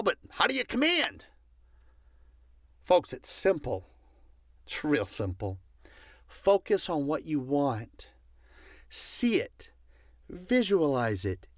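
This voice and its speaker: A man's voice: fairly high pitch, huge pitch swings, takes it slowly, pauses often, a bit bright, no echo, studio quality. A man giving a passionate motivational talk, stressing his points by repeating commands. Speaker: motivational speaker.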